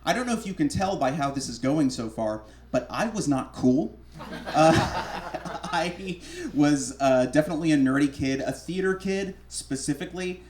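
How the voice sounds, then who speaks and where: A man's voice: a little high, expressive, moderate pace, a little mellow. A young man from Alabama hosting a live storytelling show on a small theater stage, chatty and joking at his own expense. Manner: chatty, self-deprecating, joking. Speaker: host. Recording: roomy live theater sound.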